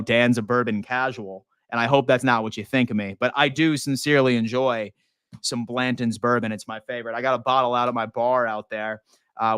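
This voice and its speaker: A man's voice: mid-range voice, fairly bright tone, smooth, no echo, studio quality. Hyped young man streaming football chat. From Western New York. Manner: loose, profane, hyped, greets chat. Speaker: sports live stream host. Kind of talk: casual live stream chat.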